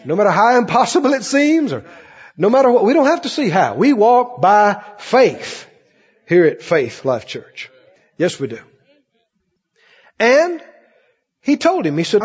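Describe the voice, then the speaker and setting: A man's voice: high voice, wildly swooping pitch, unhurried, long pauses, husky, big-room sound, muffled recording. A male pastor preaching a sermon in a church, acting out the voices of Bible figures as he goes.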